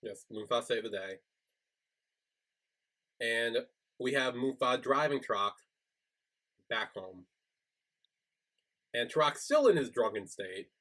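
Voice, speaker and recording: A man's voice: mid-range voice, expressive, slow pace, pauses often, sharp tone. A man co-hosting a podcast, chatting casually as he retells a show's episode and acts out the characters' lines. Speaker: podcast co-host. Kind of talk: casual recap chat.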